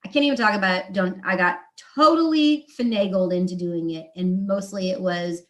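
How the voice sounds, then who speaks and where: Here the beauty consultant's voice sits fairly low as she runs her live product presentation. Her delivery stays eager and conversational, full of rapid side comments and performed quotations.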